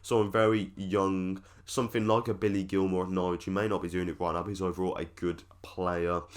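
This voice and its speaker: A man's voice: deep voice, little pitch movement, fairly quick. A man hosting a football fan channel, giving rambling, opinionated commentary with lots of fillers. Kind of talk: casual commentary to camera.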